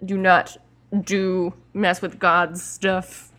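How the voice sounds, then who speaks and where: A woman in a casual movie discussion, playful and giggly, tossing in quick jokes. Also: fairly low pitch, flat delivery, a bit bright. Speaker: podcast co-host.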